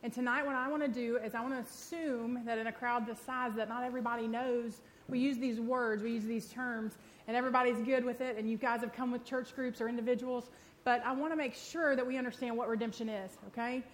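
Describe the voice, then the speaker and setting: Female church speaker, fast self-deprecating sermon delivery, slightly high voice. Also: steady tone, slight background noise. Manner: quick, chatty and self-deprecating. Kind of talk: sermon teaching with prayer.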